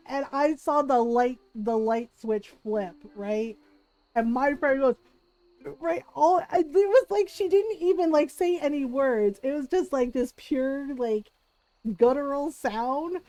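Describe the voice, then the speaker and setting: A woman's voice: high-pitched, moderate pace, poor audio. A woman streamer telling a casual story to her chat, laughing often and acting out what people said. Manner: animated, laughs often, acts out quoted voices.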